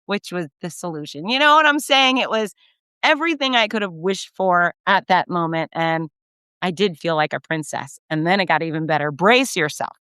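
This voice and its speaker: A middle-aged woman, a race announcer, telling effusive, animated stories in a casual recap and acting out the quotes. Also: lowish voice, normal speed, smooth, no echo. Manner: effusive, animated storyteller who acts out quotes. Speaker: race announcer and podcast host.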